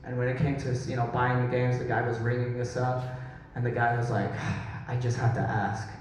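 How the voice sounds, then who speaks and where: A man's voice: mid-range voice, monotone, a little hiss or hum. A man in his thirties from Dallas, Texas, telling self-mocking stories in a stand-up comedy set. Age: 30s. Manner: storytelling, self-mocking, quick asides to the crowd. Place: large hall, recorded from far off. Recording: very echoey hall, distant mic.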